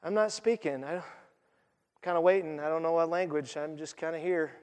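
A preacher doing a mumbling, puzzled disciple. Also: male voice, fairly high pitch, steady tone, brisk, voice pushed down, natural voice. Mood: bewildered. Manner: quiet, hesitant mumble. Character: puzzled disciple man left out, mumbling and unsure. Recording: long hall reverb.

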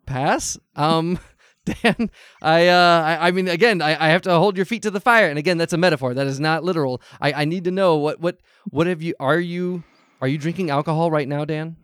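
An actor playing a nervous, overly polite advice-show host who stammers constantly, heard over a video call. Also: male voice, on the high side, a little fast, a bit bright, clear, resonant tone, dry recording, studio quality, lightly acted. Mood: probing. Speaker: improv comedy host.

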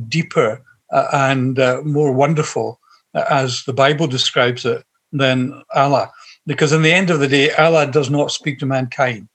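A middle-aged man with a Glaswegian Scottish accent, telling his personal faith story to an interviewer in an earnest, heartfelt, rambling way. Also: on the high side. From Scotland. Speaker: guest sharing his faith testimony. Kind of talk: personal testimony in conversation.

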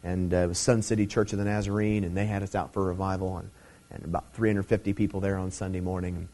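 A man's voice: low voice, little pitch movement, fast, mellow. A middle-aged man preaching a Bible teaching sermon in a conversational way, with many fillers, swelling into emphatic stresses.

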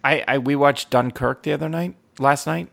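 A man in casual chat, rambling and animated as he tells stories, swearing freely. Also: mid-range voice, moderate pace, creaky.

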